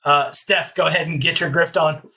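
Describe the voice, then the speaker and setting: A podcast host chats in a loose, easygoing way, quick with jokes. The voice is husky and a little rough, at a middling pitch. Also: steady tone, sharp tone. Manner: joking, easygoing. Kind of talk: casual podcast chat.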